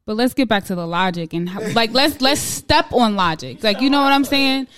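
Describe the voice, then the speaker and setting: A woman's voice: fairly high pitch, expressive, normal speed, a crowd in the background. A woman talking reflectively in a casual podcast chat, often checking in with "right?". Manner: reasoned, reflective, frequent "right?".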